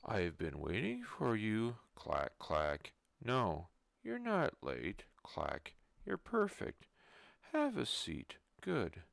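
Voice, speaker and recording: A man voicing a creepy male ear-cleaner who pulls bugs out of ears. It is a whispered role-play, and he says the sound effects aloud in a hushed voice. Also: medium pitch, creaky, dry recording, studio quality, full character voice.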